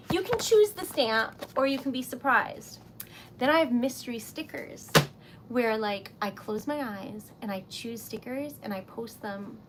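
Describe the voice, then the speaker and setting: A woman's voice: on the high side, background noise. A woman chatting on a livestream about her small craft business, giggling often and filling her talk with likes and ums. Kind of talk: casual livestream chat.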